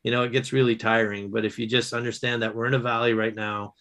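Guy telling teaching stories, bright voice, keeps restarting, laughs a lot. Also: mid-range voice. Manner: animated, quick storytelling with restarts and laughs. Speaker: guest author and educator. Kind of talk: casual storytelling.

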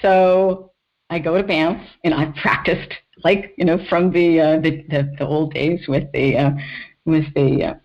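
Animated middle-aged woman telling her story. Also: sits low, unhurried, lo-fi sound. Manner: animated, laughs often, acts out quotes. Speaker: guest, screenwriter and author. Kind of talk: storytelling in a podcast interview.

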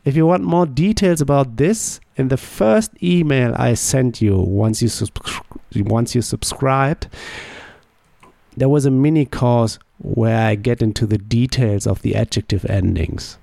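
A man teaches a podcast language lesson at an unhurried, measured pace. He sets each phrase up as a question and then answers it himself. His voice is gravelly and mid-pitched, recorded dry and close. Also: warm tone, no echo. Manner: slow, deliberate drilling with question-and-answer prompts.

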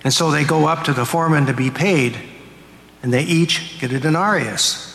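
Storytelling priest in echoey church. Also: male voice, a little high, normal speed, vocal fry, fairly bright tone. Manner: storytelling, acts out quotes. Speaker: pastor. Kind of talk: sermon. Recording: echoey church hall, faint ambience.

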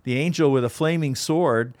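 Thoughtful halting man explaining. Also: medium pitch, a little mellow. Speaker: pastor and co-host. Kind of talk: casual discussion.

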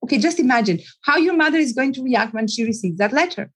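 A woman's voice: sits high, expressive, fast talker, slightly rough, poor audio. A woman psychologist, an interview guest, telling a personal story in an earnest way, repeating words and often restarting her sentences.

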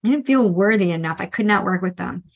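A middle-aged woman and financial coach, talking candidly and earnestly about her own past with debt, restarting often and tossing in quick asides. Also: medium pitch, expressive, breathy edge, low-quality recording. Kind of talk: candid solo podcast monologue.

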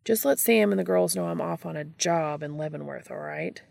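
A woman reading the part of a restless male monster hunter who talks in a hurried, defensive way. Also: low voice, gravelly, a little mellow, dry recording, clean studio sound, exaggerated voice.

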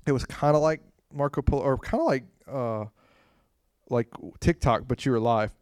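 A man tells a story casually and rambles as he goes. His smooth, clear voice swings between quiet asides and loud, animated bursts. The sound is dry and close. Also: medium pitch, normal speed, no room sound. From Florida, USA. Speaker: speaker sharing a testimony.

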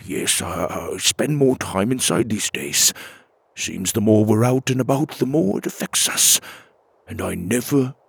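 Pequeño hada aldeano nervioso hecho por un hombre, habla entrecortada, campechano, voz rasposa. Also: male voice, fairly low pitch, lively intonation, dry recording, exaggerated voice. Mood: timid. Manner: nervous, halting, folksy. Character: short nervous village fairy man, timid.

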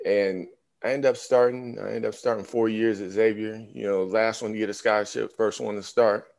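Man, fifties, low voice, casual interview guest, lively storyteller. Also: normal speed, creaky. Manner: animated storyteller, acts out quoted voices. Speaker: former pro basketball player, guest.

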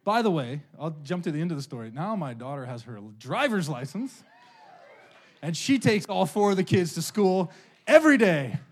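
A man's voice: on the high side, sing-song, moderate pace. A middle-aged man preaching a sermon as a pastor, telling a personal story in a casual, conversational way and often asking "right?". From California.

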